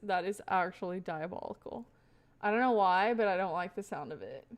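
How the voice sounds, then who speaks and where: A woman's voice: lowish voice, lively intonation, a little fast. A young woman livestreaming, rambling casually to her chat with frequent laughs. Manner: chatty, rambling, laughs often, talks to chat.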